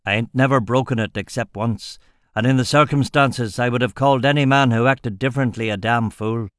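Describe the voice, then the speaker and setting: A man voicing an old barbarian highlander, blunt and gruff, with a folksy drawl and rough grammar. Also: fairly quick, no room sound, clean studio sound, close to an everyday voice.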